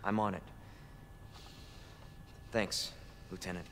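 A man voicing a young rookie police officer in a video game cutscene, steady and determined. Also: low-pitched, slow pace, creaky, exaggerated voice. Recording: game audio with long reverb and faint noise.

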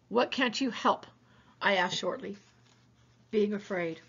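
A woman, a teacher, reading a novel aloud for her students in a plain, unhurried way, with small slips she corrects. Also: mid-range voice, gravelly, fairly bright tone, husky, highs cut off.

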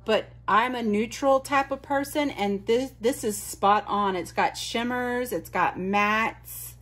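A woman's voice: fairly high pitch, slow, a bit bright. A woman vlogger chatting casually as she unboxes mail, gushing and exclaiming often. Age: adult.

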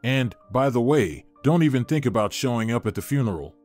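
A man's voice: mid-range voice, lively intonation, brisk, darkish tone, soft background music, close to an everyday voice. Man reading as a cold scornful sister. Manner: cold and mocking, read plainly. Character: scornful young woman, greedy domineering sister.

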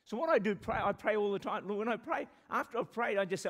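A New Zealand man preaching to his church, his voice sitting a little high for a man. He moves between animated, joking asides and slow, stretched-out prayers. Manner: animated, laughs often and jokes with the congregation; pleading slowly when quoting prayers. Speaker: pastor. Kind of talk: sermon. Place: church service with a congregation.

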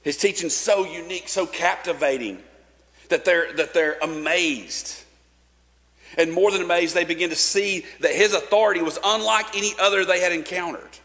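A man's voice: sits high, moderate pace, a bit bright. A man preaching a sermon in a casual, conversational way, with fillers and restarts. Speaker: pastor. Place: church sanctuary. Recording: long church reverb.

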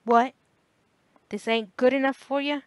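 A woman voicing a gruff working-class father who snaps harshly and scornfully at his son in an audiobook. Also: high-pitched, steady tone, measured pace, no room sound, voice pushed up.

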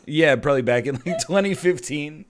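Excitable jokey male streamer. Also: a little high. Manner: excitable, jokey, quick laughs. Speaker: streamer co-host. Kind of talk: casual stream chat.

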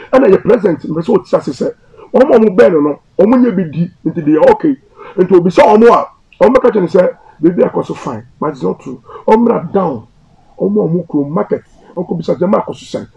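A pastor talking in a casual interview, animated and mixing in English phrases. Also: male voice, sits high, vocal fry, husky, low-quality recording.

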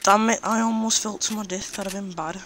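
A man giving live gameplay commentary, talking to himself and reacting loudly with frequent swearing when things go wrong. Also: high-pitched, a little fast. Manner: excitable, swears freely when surprised. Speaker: gaming YouTuber. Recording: steady background noise under the voice.

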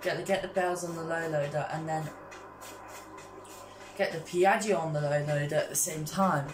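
A woman giving casual gameplay commentary as a vlogger, excitable and constantly calling out to her viewers. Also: sits low, normal speed, roomy sound, music in the background, poor audio. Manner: excitable, keeps addressing viewers as guys. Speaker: gaming vlogger.

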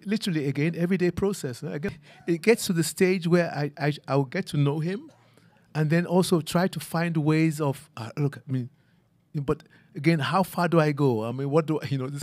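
A man's voice: a little high, brisk, a little mellow, no room sound. A man speaking as a photographer in an artist talk, musing aloud and often ending his phrases with a questioning "huh?". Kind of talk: reflective conversational talk. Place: garden event.

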